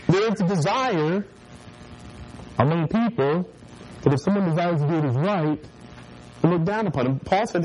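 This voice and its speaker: A man's voice: a little high, animated, moderate pace, long pauses, darkish tone, husky, poor audio. A man preaching a casual, joking sermon to a youth group, often mimicking people and laughing along with his listeners. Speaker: youth pastor.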